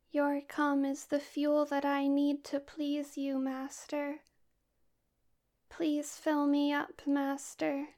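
An obedient female robot speaks in a slow, flat, mechanical monotone, as a woman puts her on. Her voice sits high and barely moves in pitch. Every line is measured and deliberate, like a programmed servant in an erotic audio role-play. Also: exaggerated voice.

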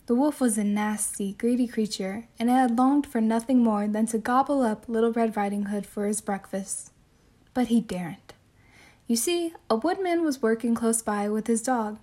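A woman telling a classic fairy tale as a soothing bedtime story, with gentle, measured narration. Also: a little high.

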